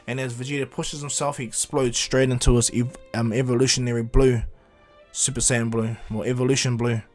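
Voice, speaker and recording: A man's voice: mid-range voice, flat delivery, a little fast, faint music behind. A man casually retelling a fan-made anime story on his channel, rambling with restarts. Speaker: YouTube storyteller.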